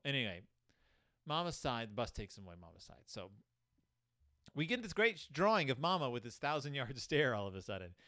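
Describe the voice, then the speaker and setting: A young man hosts a children's book review, delivering sarcastic, comedic commentary and jumping into character voices with animated energy. His voice is medium-pitched and a little fast, recorded in studio quality with no room sound.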